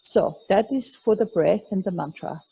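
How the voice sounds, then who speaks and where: A woman teaching a yoga class, guiding breath and meditation in a slow, calm, soothing way. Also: mid-range voice, vocal fry, breathy edge, rough recording. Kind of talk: guided yoga instruction.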